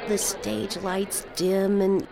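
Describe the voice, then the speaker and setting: A woman telling a personal story in a wry, animated way. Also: medium pitch, slow, creaky, crowd noise. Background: music.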